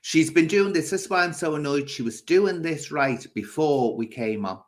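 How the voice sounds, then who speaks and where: A man's voice: a little high, animated, normal speed. A man hosting a casual livestream, bluntly scolding and answering viewers' comments. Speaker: livestream host.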